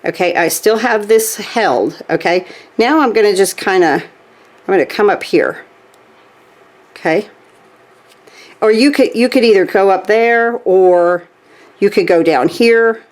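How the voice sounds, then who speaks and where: A woman's voice: mid-range voice, measured pace, long pauses. A woman demonstrating a stitching craft step by step, chatty, checking in with "okay?" as she works. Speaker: craft tutorial host.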